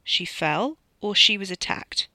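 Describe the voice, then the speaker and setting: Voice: medium pitch, lively intonation, a little slow, bright, forceful tone, dry recording. A narrator voicing Dono, a suspicious, menacing young man with a pistol, in an audiobook reading. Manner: sneering, demanding.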